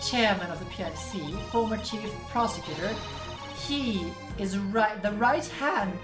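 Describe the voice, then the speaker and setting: A woman voicing a brash, bumbling young male prosecutor who blusters loudly. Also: mid-range voice, a little fast, pitched below the performer's own voice, natural voice. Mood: blustering. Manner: loud, blustering. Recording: echoey room with music behind.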